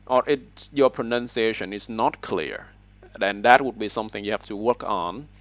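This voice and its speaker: A man's voice: on the low side, moderate pace, fairly bright tone. A man teaching an online English speaking class over a headset, correcting words and checking in with frequent "all right?" prompts. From Vietnam.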